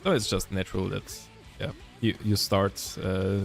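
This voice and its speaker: A man's voice: deep voice, fairly even intonation, moderate pace, creaky, faint music behind. A young man from Germany with a German accent, chatting casually with stream viewers and rambling with many self-corrections. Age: young adult.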